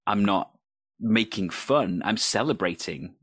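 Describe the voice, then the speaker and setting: Man, improv performer, lowish voice, earnest and enthusiastic, dry close sound. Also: expressive, a little slow, fairly bright tone, breathy edge, dry recording. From United Kingdom. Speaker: improv performer and podcast co-host. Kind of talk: conversational discussion.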